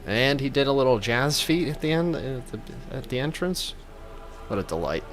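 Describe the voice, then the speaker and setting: A man's voice: medium pitch, sing-song, normal speed. A man giving comedic gameplay commentary as a gaming YouTuber, joking in a playful, mock-reverent way.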